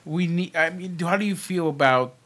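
A man's voice: fairly high pitch, a little fast, fairly bright tone. A man co-hosting a casual podcast, rambling with lots of repeated words and swearing. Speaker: podcast co-host. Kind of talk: casual chat.

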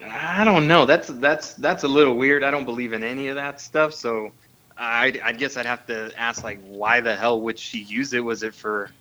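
An easygoing man chatting as a podcast guest. He speaks plainly in a mid-pitched voice. His tone stays relaxed and casual. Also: moderate pace, muffled recording. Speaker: guest, parent.

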